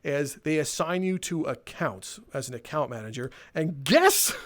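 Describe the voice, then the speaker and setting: A man's voice: on the high side, animated, unhurried, few pauses. A young man telling a sarcastic, exasperated, swear-filled comedic rant as he walks around. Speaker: comedic storyteller. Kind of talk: profane comedic rant, walking tour.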